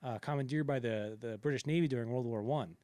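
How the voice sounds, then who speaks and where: A man in casual podcast chat, rambling through his points with plenty of "like" and "you know" and frequent restarts. His voice sits at an ordinary middle pitch, recorded close and dry with no room sound. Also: fast, mellow, no room sound. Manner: rambling, many fillers and restarts, acts out quotes. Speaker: podcast co-host. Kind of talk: casual film discussion.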